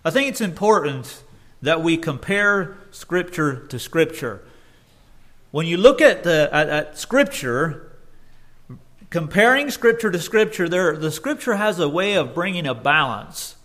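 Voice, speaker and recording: A man's voice: on the high side, animated, measured pace, a bit bright. A man preaching a sermon earnestly, often restarting his phrases and rising in force when he quotes scripture.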